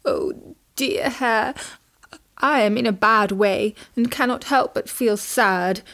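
Woman voicing a gentle mother goat. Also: on the high side, takes it slowly. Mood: sad.

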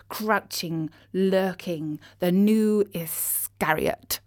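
A woman reading a storybook aloud in a measured, expressive way. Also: medium pitch. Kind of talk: storybook narration.

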